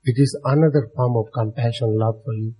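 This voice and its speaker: This dharma teacher talks briskly with fairly even intonation, his medium-pitched voice dark with a breathy edge, and the recording is rough. Before a live audience, he speaks straight to them in broken English that isn't his native tongue, chuckling frequently.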